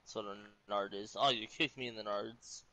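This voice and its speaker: A man's voice: on the low side, fairly even intonation, moderate pace, sharp tone, slight background noise, poor audio. A young man playing a survival game with a friend, teasing her with crude mock insults. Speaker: co-player. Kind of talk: casual gaming chat.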